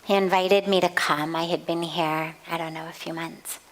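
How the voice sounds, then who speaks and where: A woman spiritual teacher giving a talk at a satsang, telling a story in a slow, measured way. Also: on the low side, fairly even intonation, low-quality recording. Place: outdoor garden.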